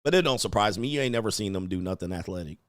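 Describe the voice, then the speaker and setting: A man's voice: fairly low pitch, lively intonation, very fast, no echo, studio quality. A man hosting a casual commentary stream, brash and profane, chuckling often and tagging lines with "all right?". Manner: repeats "all right?" as a verbal tic. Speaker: podcast host.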